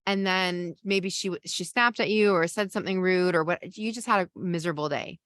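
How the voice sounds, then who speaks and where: Woman, parenting coach, masterclass talk, conversational, lots of "like", fairly low voice, dry close sound. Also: a little fast, fairly bright tone, no echo. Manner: conversational, explains with everyday examples, many fillers. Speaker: parenting coach and podcast host.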